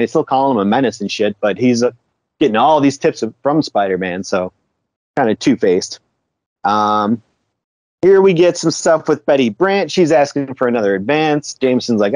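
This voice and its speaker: A man's voice: medium pitch, a little mellow, no room sound. A man co-hosting a podcast, retelling a comic book story in loose, casual chat, chuckling often and swearing now and then. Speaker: podcast co-host.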